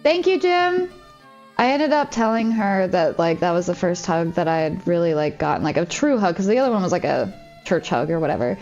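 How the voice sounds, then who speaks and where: A woman's voice: lowish voice, animated, brisk, darkish tone, muffled recording, faint music behind. A woman streaming from home, chatting casually and confidingly, with lots of "like" as she rambles. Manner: rambling, heavy use of "like", open and confiding. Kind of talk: casual chat while streaming a game.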